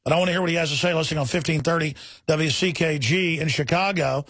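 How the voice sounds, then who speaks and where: A man with a high-pitched voice hosts a heated talk radio show. He talks forcefully and indignantly, piling up repeated words and quick restarts. The sound is close and dry. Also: no echo.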